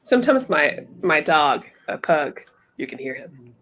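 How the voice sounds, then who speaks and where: A woman co-hosting a podcast in casual chat, encouraging and chiming in quickly, sometimes reading out listener comments. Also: sits low, sing-song, a bit bright. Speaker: podcast co-host.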